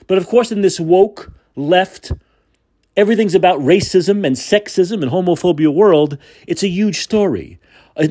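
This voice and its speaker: A man's voice: high voice, a little mellow. A man hosting a podcast, delivering a combative, sarcastic opinion monologue. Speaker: podcast host.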